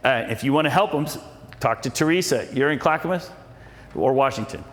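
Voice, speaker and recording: A man's voice: mid-range voice, lively intonation, fairly quick, a bit bright. A man giving a folksy, preacher-like storytelling speech at a political meeting, with many repeated starts. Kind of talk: storytelling speech to a live audience. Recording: echoey hall with long reverb.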